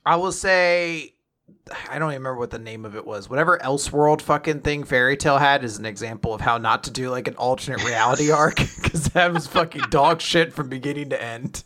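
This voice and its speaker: A man's voice: medium pitch, a little fast, bright, forceful tone. A man co-hosting a podcast in casual chat, joking, laughing often and swearing freely. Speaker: podcast co-host.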